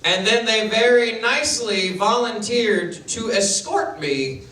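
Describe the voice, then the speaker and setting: A man's voice: high-pitched, slow pace, pushed and bright. A man doing a stand-up comedy set, telling a self-deprecating story with acted-out inner thoughts. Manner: storytelling, self-deprecating, acts out his own panicked inner voice. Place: comedy venue with live audience. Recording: roomy, distant camera audio with noise. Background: audience laughter.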